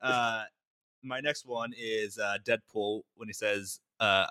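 A man's voice: on the low side, fairly even intonation, slow pace, sharp tone, clear, resonant tone, no room sound, studio quality. A man co-hosting a sports podcast, sharing favorite movie lines with enthusiasm in casual chat. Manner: enthusiastic, says he loves each line. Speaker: podcast co-host.

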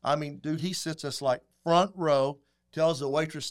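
A middle-aged man, a guest telling folksy, animated stories in casual chat. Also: on the high side, moderate pace, clear, resonant tone. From Texas. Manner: folksy, animated, acts out quotes. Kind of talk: casual storytelling.

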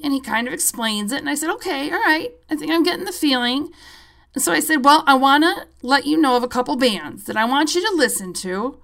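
Lady podcaster ranting a story, kinda high voice, swoopy, swears a lot. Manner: animated, profane, wry storyteller. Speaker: podcast host. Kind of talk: casual storytelling.

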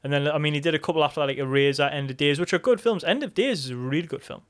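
A man co-hosting a podcast in casual chat, animated, swearing freely and laughing often. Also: a little high, racing. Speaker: podcast co-host.

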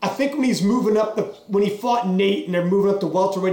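A podcast host chatting casually and with animation, quick to laugh. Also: medium pitch, mellow. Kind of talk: casual conversation. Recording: echoey room.

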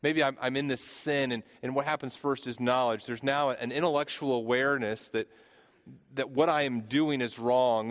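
A man in his thirties preaching a sermon, earnest, often repeating and restarting phrases. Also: mid-range voice. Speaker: pastor. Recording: long hall reverb.

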